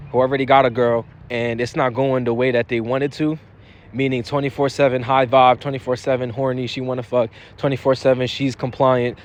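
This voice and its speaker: A young man talks straight to his viewers in a casual advice vlog. His voice sits at an ordinary middle pitch. His delivery is blunt and profane, and he restarts and repeats phrases as he drives his points home. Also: a little mellow. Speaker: dating advice vlogger. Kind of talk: casual advice monologue to camera.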